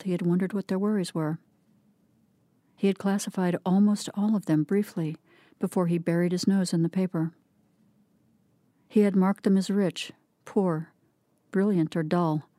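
A woman reading a literary short story aloud in a measured, even narration. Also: lowish voice, dry recording. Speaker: reader.

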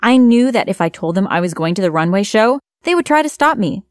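A woman's voice: mid-range voice, big pitch swings, brisk, smooth, no room sound, studio quality. A young woman narrating her own story in the first person, acting out her own lines with feeling. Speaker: narrator and lead character. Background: background music.

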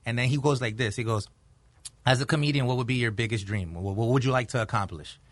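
A male stand-up comedian with a Latino accent, telling stories in an animated, casual way and switching between English and Spanish. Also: mid-range voice, fast talker, no room sound. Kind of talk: casual bilingual chat, storytelling.

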